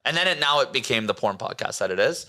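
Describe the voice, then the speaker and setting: A man guesting on a podcast, telling a long story in casual chat, excitable and swearing freely. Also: medium pitch, fast talker. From Canada.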